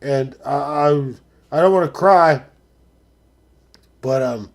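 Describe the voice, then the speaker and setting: A man hosting a live stream, talking casually and profanely, dropping to mutters and then rising to excited shouts. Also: mid-range voice, slow, pauses often.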